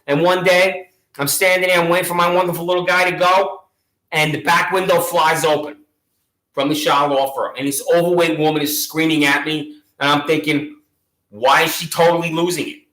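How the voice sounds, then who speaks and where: Combative male ranter, high-pitched and bright, sarcastic accusatory tone, roomy echo. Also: flat delivery, normal speed. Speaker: video channel host. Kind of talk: angry monologue to camera.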